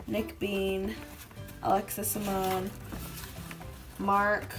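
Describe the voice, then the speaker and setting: A woman's voice: medium pitch, little pitch movement, takes it slowly, long pauses, over music. A woman vlogger chatting casually to camera, rambling with lots of fillers. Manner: rambling, fillers of "like", acts out quotes.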